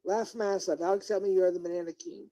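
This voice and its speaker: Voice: mid-range voice, fairly even intonation, fast talker, mellow, poor audio. A livestreamer delivering a confrontational rant at one person, scolding, lecturing and repeating questions as they press for answers.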